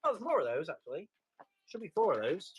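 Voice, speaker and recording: A man's voice: high-pitched, huge pitch swings, fast talker, breathy edge. A man hosting a live tool auction, chatting and laughing between items. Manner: chatty, laughs often, tries out accents. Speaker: auction host.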